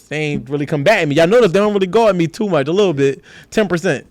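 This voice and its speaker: A man with a Philadelphia accent, a podcast guest in casual conversation, talking in an animated, profane street style and acting out quoted voices. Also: sits high, fast talker, hardly any pauses, no echo.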